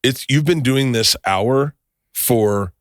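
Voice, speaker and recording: A man's voice: medium pitch, takes it slowly, no room sound, clean studio sound. Stammering, swearing podcast host man. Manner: rambling, stammering restarts, heavy swearing. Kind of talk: casual chat. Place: studio.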